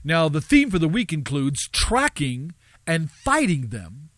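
A man's voice: fairly high pitch, sing-song, a little slow, a bit bright, no room sound. A man hosting a live radio talk show, telling a story and preaching in an earnest cadence with frequent fillers.

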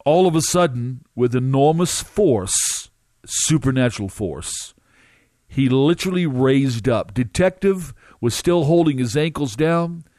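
A man recounting a dramatic first-person testimony as a minister, emphatic and halting, with drawn-out pauses. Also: medium pitch, lively intonation, darkish tone, dry recording, studio quality.

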